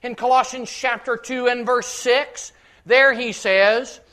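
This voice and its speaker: A male pastor preaching a sermon, reading scripture with verse references and building to loud, repeated declarations. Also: very high-pitched, steady tone, slow, smooth.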